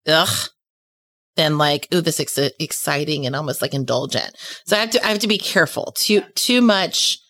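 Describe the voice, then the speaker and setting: A woman's voice: fairly low pitch, fairly bright tone. A woman in her forties co-hosting a casual chat, talking loosely with many fillers and laughing easily. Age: 40s.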